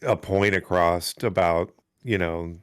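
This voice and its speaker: Deep-voiced man chatting on a podcast. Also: takes it slowly, clear, resonant tone, dry recording. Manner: laughs easily, hesitant fillers. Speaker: podcast co-host. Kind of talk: casual chat.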